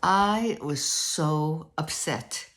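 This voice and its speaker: An older woman telling a story in a casual, animated way, acting out both sides of a conversation. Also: low-pitched, drawn-out words. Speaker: vlogger.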